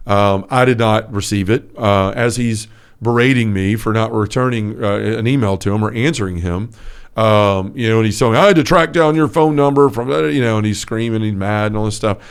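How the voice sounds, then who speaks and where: A man's voice: on the low side, fairly even intonation, brisk, smooth. A man co-hosting a casual faith podcast, telling stories earnestly with lots of fillers. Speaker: podcast co-host.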